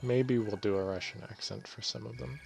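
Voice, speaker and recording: A gravelly, fairly low-pitched man speaks briskly over music while playing a video game for a let's play. He keeps it relaxed and meandering, correcting himself often as he goes.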